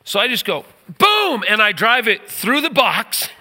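A middle-aged man preaching a sermon, telling a personal story with animated energy. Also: sits high, a little slow, big-room sound. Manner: animated storyteller, rises to near shouting at the story's climax.

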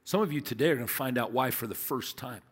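A man's voice: mid-range voice, quick pace, breathy edge. A man in his fifties, a pastor, preaching a sermon with emphatic repetition and rhetorical questions in a large church. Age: 50s. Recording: long hall reverb.

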